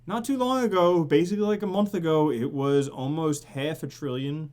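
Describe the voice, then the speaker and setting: A man hosting a casual live stream, theatrical and excitable, swearing and greeting viewers in the chat by name. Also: on the high side, moderate pace. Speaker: crypto live stream host.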